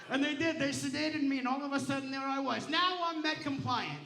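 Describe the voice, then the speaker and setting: A man's voice: extremely high pitch, expressive, fairly quick, crowd noise. A man doing a stand-up comedy set on a casino stage, telling stories in a brash, profane, punchy way. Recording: roomy casino showroom sound.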